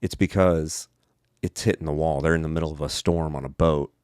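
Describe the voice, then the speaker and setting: A man's voice: extremely low pitch, fairly even intonation, brisk, a little mellow, clean tone, no room sound, clean studio sound. A young adult man who works as a pastor, talking casually on a podcast, often slipping into quoted voices and leaning on the word "like". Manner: acts out quoted voices, fills speech with "like".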